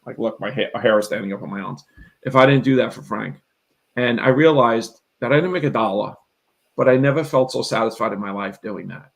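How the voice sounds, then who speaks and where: A man's voice: medium pitch, fairly quick, gravelly, rough recording. A middle-aged man telling a long personal story in a live interview, earnest and rambling, often acting out what he and others said. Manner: earnest, rambling, emphatic, quotes himself and others. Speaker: real estate investor and coach.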